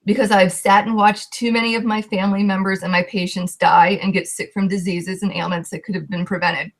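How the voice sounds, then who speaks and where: A woman's voice: medium pitch, level tone, fairly quick. A young woman, a coach, telling her personal story with heartfelt emotion and a voice that shakes at times.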